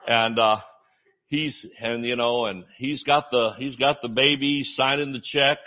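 An older male pastor from Georgia telling a folksy story in a sermon, with plenty of fillers and restarts. His pitch sits in a middling range, and the recording is slightly dull. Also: steady tone, unhurried. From Georgia, USA. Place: church service.

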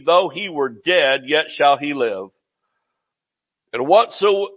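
A man's voice: on the high side, lo-fi sound. A man preaching a sermon, reading scripture aloud and stopping to comment and chuckle. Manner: reads scripture aloud and breaks in with comments and laughs. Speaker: pastor.

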